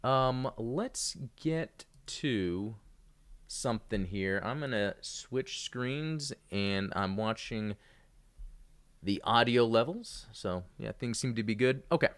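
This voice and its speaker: A man's voice: mid-range voice, lively intonation, takes it slowly, fairly bright tone, clear, resonant tone. A man hosting a casual live-streamed podcast, rambling with many fillers and restarts. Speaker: podcast host.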